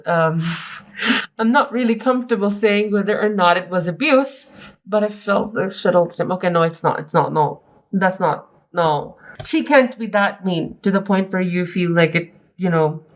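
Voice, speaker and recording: A woman's voice: lowish voice, normal speed, lo-fi sound. A young woman reading an online post aloud and reacting to it in a chatty, giggly way, often breaking off to comment. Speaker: story reader and commentator.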